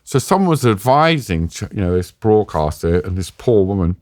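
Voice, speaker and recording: A man telling a tense personal story in a casual, animated way, acting out quotes. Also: fairly low pitch, moderate pace, no echo, clean studio sound. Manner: animated, acts out quotes with swearing. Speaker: interview guest, former hostage.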